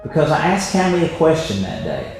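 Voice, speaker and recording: A man's voice: a little high, huge pitch swings, a little fast. A man presenting a health webinar, telling stories emphatically and tagging his points with "right?". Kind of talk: motivational health talk. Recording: very echoey room, faint music.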